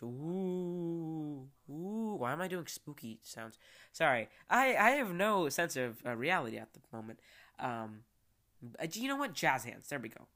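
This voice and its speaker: Young guy podcasting solo, bright voice, goofy and rambly, lots of ums. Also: medium pitch. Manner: goofy, self-deprecating, rambling with many fillers. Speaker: podcast host.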